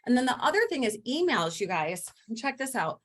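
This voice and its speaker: Woman, motivational team talk, rallying, energetic, somewhat high voice, video call. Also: a little fast. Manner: energetic, rallying, addresses listeners as "you guys". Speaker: team leader.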